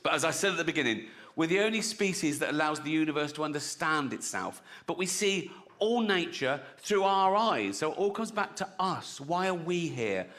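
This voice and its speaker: A man's voice: fairly high pitch, lively intonation, normal speed, a bit bright. A man performing stand-up comedy, brash and punchy, often chuckling at his own jokes.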